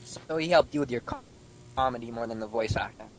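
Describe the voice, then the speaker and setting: A male co-interviewer chiming in with quick, joking questions. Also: mid-range voice, a little hiss or hum, poor audio. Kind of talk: casual interview.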